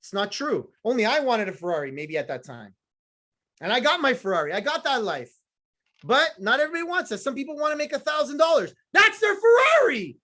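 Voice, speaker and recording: A man's voice: very high voice, very animated, brisk, sharp tone. A man giving a blunt, profane, fired-up motivational talk to a sales team, with punchy repeated phrases and teasing remarks to the audience. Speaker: motivational speaker.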